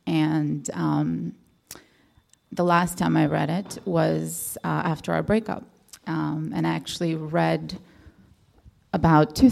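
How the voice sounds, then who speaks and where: A woman's voice: low-pitched, vocal fry, dark tone. A woman from the audience sharing a personal story at a question session, hesitant and rambling, with many fillers and restarts. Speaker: audience member asking a question.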